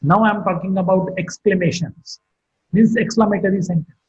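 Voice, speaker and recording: A man giving a phonetics lecture online, speaking slowly and deliberately and repeating example sentences with stress on the last word. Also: high-pitched, steady tone, slight background noise. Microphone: computer or phone mic for online class. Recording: dull, muffled lo-fi audio.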